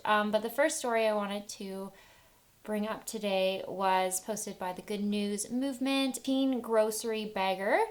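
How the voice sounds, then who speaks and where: A young woman beauty vlogger chatting casually while doing her makeup at home, upbeat and easily moved to tears. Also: mid-range voice. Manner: chatty and upbeat, tearing up at touching stories. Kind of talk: casual get-ready-with-me chat.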